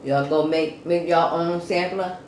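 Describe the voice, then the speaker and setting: A woman hosting a home eating show, chatting slowly and casually to viewers between bites. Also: lowish voice. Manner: slow, relaxed, murmuring between bites. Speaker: mukbang eating show host. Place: room at home. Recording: roomy echo, faint background hum.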